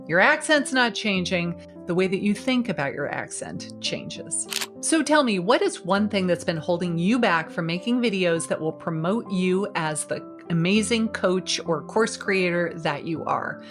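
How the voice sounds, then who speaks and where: A woman in her fifties, a video marketing coach, giving an energetic, emphatic and encouraging motivational talk straight to camera. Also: fairly low pitch, a little slow, music in the background.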